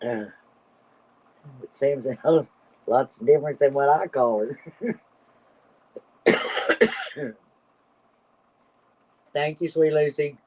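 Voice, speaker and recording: Woman stream host, mellow and unhurried, breathless with laughter, casual chat. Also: low-pitched, animated. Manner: laughs constantly between comments. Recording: slightly dull lo-fi audio.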